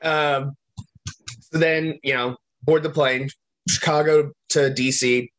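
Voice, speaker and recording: A man's voice: on the high side, slow. A man co-hosting a podcast, telling a long travel story in casual, profane chat. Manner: profane, animated anecdote-telling. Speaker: podcast co-host.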